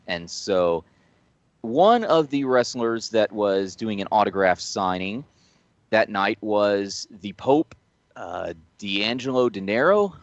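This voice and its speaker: Low-voiced man telling rambling stories. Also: dry recording, lo-fi sound. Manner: rambling anecdotes, frequent restarts and laughs. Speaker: podcast co-host. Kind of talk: casual storytelling chat.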